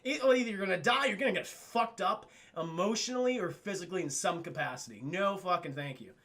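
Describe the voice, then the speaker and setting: Animated, profane male streamer. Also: high voice, fast. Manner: profane, rambling, animated storytelling. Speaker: livestream host reviewing cartoons. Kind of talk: casual streamed recap with chat.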